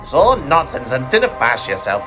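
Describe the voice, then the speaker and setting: A man doing a gruff, huffy steam engine from a storybook, wary of everyone, voice swinging up and down a lot, some soft music underneath. He snaps and grumbles. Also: medium pitch, huge pitch swings, normal speed. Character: gruff proud Scottish steam engine, male. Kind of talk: audiobook fan story reading.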